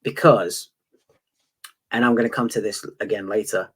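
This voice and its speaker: Man, low voice, podcast co-host, casual, thinking aloud. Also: fairly even intonation, normal speed, a bit bright, breathy edge. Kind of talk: casual fan podcast review.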